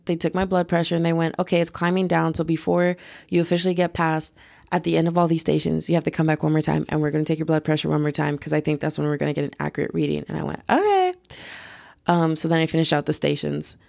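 A woman's voice: deep voice, vocal fry, dry recording, clean studio sound. Chatty young woman telling a story. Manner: chatty, lively retelling full of "like" and acted-out quotes. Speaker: vlogger. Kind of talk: casual storytime.

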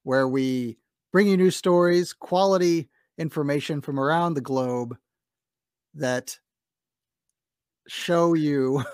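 A man's voice: fairly high pitch, takes it slowly, pauses often, darkish tone, dry recording, clean studio sound. A man hosting a casual podcast, opening with mock-formal welcomes and joking with guests. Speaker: host.

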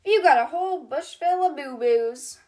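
A woman's voice: sits high, expressive, moderate pace, a little mellow, pitched above the performer's own voice. A woman voicing a bubbly, folksy toy nurse in a children's storybook reading. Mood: exclaiming. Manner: exclamatory, folksy. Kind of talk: storybook read-aloud for kids.

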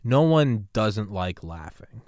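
A man's voice: on the low side, sing-song, slow pace, a little mellow, no room sound. A man hosting a podcast, chatting in a rambling, laid-back way with lots of fillers. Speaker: podcast host. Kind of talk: casual chat.

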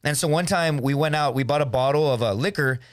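A man's voice: a little high, quick pace. A man telling rambling, profane stories as a podcast guest, full of dude and bro, acting out voices as he goes. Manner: animated, acts out voices in stories. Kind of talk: casual storytelling chat.

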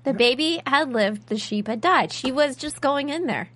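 A woman co-hosting a casual TV recap podcast, talking in a lively way and calmly laying out her view. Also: sits high, normal speed. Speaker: podcast co-host.

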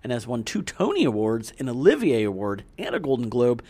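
A man co-hosting a podcast in casual chat, reading out film trivia in quick bursts. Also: medium pitch, sing-song, dark tone. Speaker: podcast co-host.

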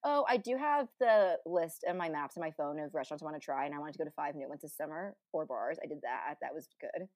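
A woman's voice: low voice, animated. A young woman co-hosting a podcast, recapping her summer in an upbeat, chatty casual conversation. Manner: upbeat, chatty, quick to laugh along. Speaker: podcast co-host. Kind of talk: casual chat.

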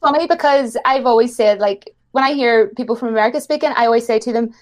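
A young woman with an Irish accent, chatting casually as a guest and telling stories quickly with lots of fillers and giggles. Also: on the high side. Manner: chatty, giggly, fast storytelling with many fillers. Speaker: guest YouTuber. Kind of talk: casual chat.

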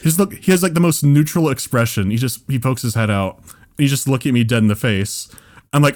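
A man's voice: mid-range voice, big pitch swings, measured pace, pauses often, darkish tone. A man co-hosting a podcast, telling a story in casual chat and laughing as he goes. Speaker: podcast co-host.

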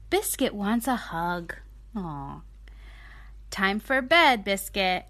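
A mother hosting a bedtime story show, reading a children's picture book aloud in an animated, sing-song voice. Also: medium pitch, takes it slowly.

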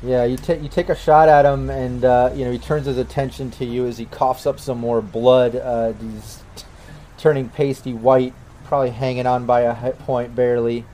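An easygoing man narrates a tabletop game as its game master, his voice sitting at an ordinary middle pitch. He talks in a loose, chatty flow, padding his lines with little fillers as he describes the action and hosts the stream. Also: moderate pace, a little hiss or hum, poor audio. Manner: relaxed and chatty, with many fillers.

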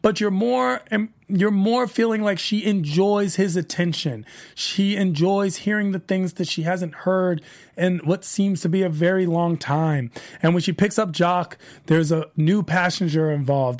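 Gravelly high-voiced man recapping a show. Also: a little slow. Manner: chatty, animated retelling with voiced quotes. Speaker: podcast host recapping a TV show. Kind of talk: solo aftershow recap.

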